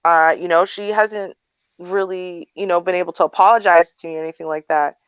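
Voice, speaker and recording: A woman's voice: fairly low pitch, steady tone, brisk, clear, resonant tone, no room sound. A woman in her thirties hosting a livestream, telling a personal story in a blunt, candid, talkative way. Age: 30s. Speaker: livestream advice host. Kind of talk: casual storytelling chat. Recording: dry, dull lo-fi sound.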